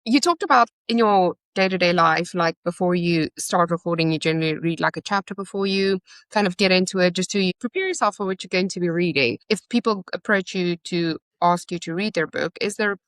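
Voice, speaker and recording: A woman hosting a podcast, asking friendly, relaxed interview questions. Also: on the low side, a little fast, no echo. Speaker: podcast host. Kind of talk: casual interview chat.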